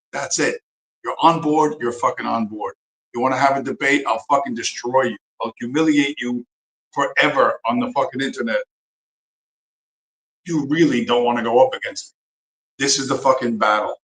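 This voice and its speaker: A man's voice: mid-range voice, a bit bright, echoey room, poor audio. A man hosting a livestream, ranting angrily with heavy profanity and repeating his phrases for emphasis. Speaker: livestream host. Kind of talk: angry profane rant on a livestream.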